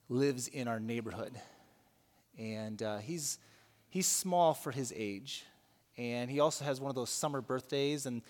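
A man's voice: medium pitch, a little mellow. Man preaching in a reverberant hall. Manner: storytelling with frequent repeated words and restarts. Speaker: pastor. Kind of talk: sermon. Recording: long reverb of a large hall.

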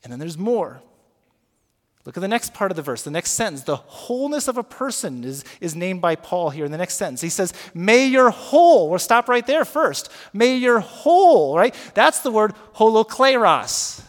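A male pastor preaching a sermon, moving from hushed, slow prayer to loud emphatic teaching, and leading his congregation in repeating words. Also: sits high, sing-song. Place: church sanctuary. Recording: long reverb of a large hall.

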